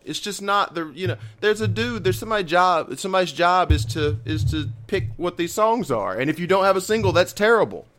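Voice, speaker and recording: Animated higher-voiced man. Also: fairly quick, few pauses. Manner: lively, emphatic, swears casually. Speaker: podcast co-host. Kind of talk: casual music chat.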